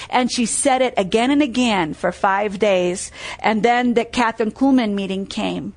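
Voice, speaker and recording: Lady preacher, high voice, repeats stuff a lot and keeps asking the crowd "what?". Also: moderate pace. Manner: emphatic, repeats key phrases, quizzes listeners with "what?"; tells stories and reads scripture aloud. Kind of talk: sermon.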